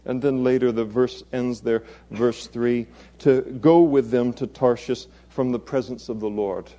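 Mellow-voiced man preaching a sermon. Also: medium pitch, fairly even intonation, a little slow. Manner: conversational, with chuckles and playful asides. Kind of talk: expository sermon.

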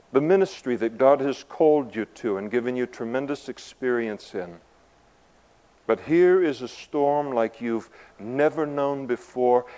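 Male pastor, mellow tone, emphatic sermon delivery with chatty asides. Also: medium pitch, rough recording. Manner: emphatic, conversational asides, swings between quiet and loud.

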